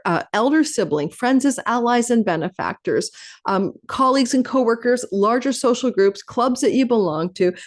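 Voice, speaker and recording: Woman astrologer host, rapid and animated delivery, stacks phrases into lists. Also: mid-range voice. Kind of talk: fast-talking astrology forecast monologue.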